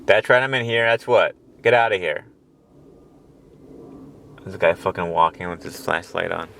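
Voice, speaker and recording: With a low, gravelly voice that's bright and forceful, a podcast host tells a rambling, profane comedy monologue and chuckles through his asides. It was captured on a handheld portable recorder in a car parked at night.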